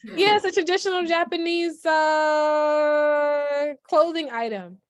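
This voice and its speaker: A woman's voice: high voice, slow pace, no echo. A woman from Brooklyn, chatting animatedly as a guest on a video call, full of "like" and "yo". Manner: animated, lots of "like" and "yo", laughs often. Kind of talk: casual chat on a video call.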